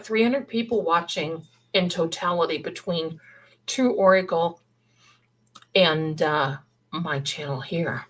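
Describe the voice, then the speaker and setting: A middle-aged woman hosts a casual livestream, wandering from thought to thought as she chats. Her voice sits a little low and sounds husky. She talks slowly. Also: low-quality recording. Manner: rambling, chatty, thinks aloud. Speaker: livestream host.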